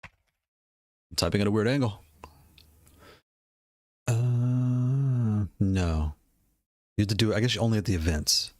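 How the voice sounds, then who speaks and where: Laid-back rambling man, low voice. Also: slow pace, pauses often, dry recording, clean studio sound. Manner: rambling, laughs often, repeats himself. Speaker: gaming hardware video creator. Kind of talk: casual product talk while browsing.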